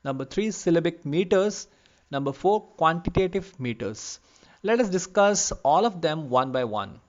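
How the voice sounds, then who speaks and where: A man giving an online literature lecture, explaining patiently and repeating terms slowly for emphasis. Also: fairly high pitch, animated, lo-fi sound. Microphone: lavalier.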